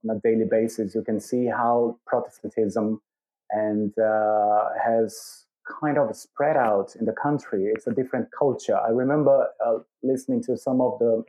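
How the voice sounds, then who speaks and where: A Brazilian man speaking English with a British-tinged accent, answering thoughtfully with many pauses as an interview guest. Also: lowish voice, dark tone, rough recording. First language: Portuguese. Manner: thoughtful, hesitant, with many fillers. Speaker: guest, church leader.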